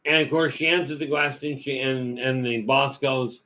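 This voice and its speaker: A man's voice: mid-range voice, steady tone, moderate pace, hardly any pauses, sharp tone, poor audio. A man giving a rambling, folksy talk full of stories and asides as a vlog host. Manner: folksy, storytelling, many "you know" fillers.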